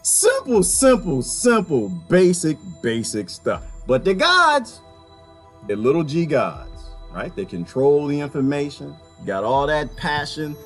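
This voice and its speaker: A man doing a stand-up comedy routine, talking to the audience and acting out voices in an animated way. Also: a little high. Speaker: stand-up comic.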